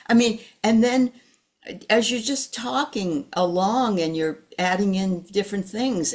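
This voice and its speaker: A woman hosting an interview, with an animated voice that moves up and down a lot. She keeps encouraging her guest with frequent affirmations. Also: a little high. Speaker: interview host. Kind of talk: casual interview chat.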